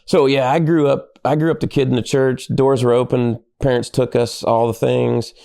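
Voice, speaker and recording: This is a middle-aged man, a pastor on a podcast, whose mid-range, creaky voice moves at a moderate pace. He tells spirited stories conversationally and dramatizes the words of those he quotes.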